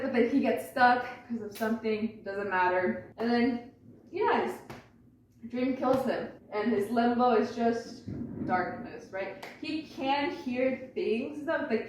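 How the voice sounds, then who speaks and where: A woman's voice: on the high side, expressive, unhurried, darkish tone, a little hiss or hum. A young woman giving a chatty, rambling presentation to her family, swearing and laughing as she explains. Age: young adult. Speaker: student presenter. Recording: very echoey room, far from mic.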